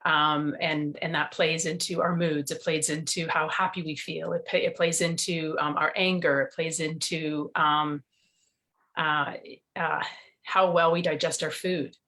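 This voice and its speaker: A woman's voice: low-pitched, flat delivery, measured pace, sharp tone. A middle-aged woman, a nutrition coach, telling her story earnestly in an interview over a video call.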